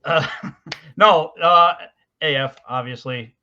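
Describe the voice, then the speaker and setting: A man with a fairly high, bright voice chats casually as a podcast co-host. He rambles and hesitates, restarting his sentences. The recording sounds dull and lo-fi. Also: slow pace. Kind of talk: casual chat.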